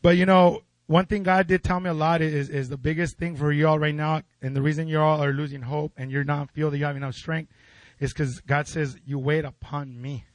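A man's voice: a little high, flat delivery, brisk, no room sound. A man preaching a fervent sermon in a church, calling out to the congregation. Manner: fervent, call-and-response with congregation.

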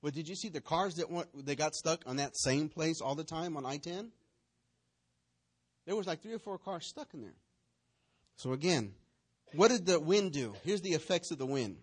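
A man preaching as pastor has a fairly high, animated voice with a slight roughness, speaking at normal speed. He acts out the voices and scenes of his stories and asks the congregation questions.

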